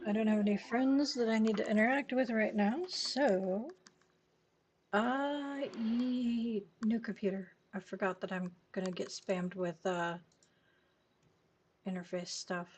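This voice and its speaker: A woman streamer narrates her game in a slow, drawn-out murmur, mostly talking to herself. Her voice sits at an ordinary middle pitch. Soft game music plays faintly beneath her. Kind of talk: casual gameplay commentary.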